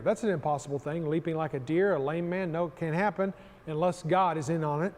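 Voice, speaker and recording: Pastor guy preaching, high voice, lots of repeating for emphasis, big echoey church hall. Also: brisk, a little mellow. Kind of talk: sermon. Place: church sanctuary.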